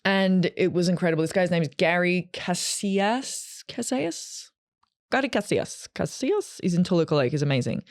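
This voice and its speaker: A woman in her thirties telling a personal story to camera in a chatty, animated way, acting out what people said. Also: fairly low pitch, fairly quick, hardly any pauses, dry recording, clean studio sound. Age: 30s. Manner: chatty and animated, acts out quotes. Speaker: vlogger.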